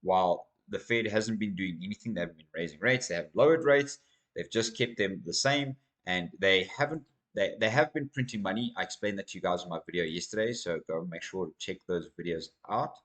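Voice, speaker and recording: A man from Africa, hosting his own crypto channel and talking casually through market data in an energetic, rambling way. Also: low-pitched, a little fast. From South Africa. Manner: energetic, rambling, addresses viewers as guys. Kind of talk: casual market commentary to camera.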